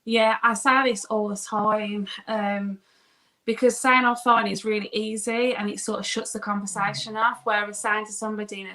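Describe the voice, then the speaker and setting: A woman's voice: mid-range voice, flat delivery, normal speed, pushed and bright. A woman as an interview guest, speaking earnestly and openly, a little hesitant. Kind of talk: interview conversation.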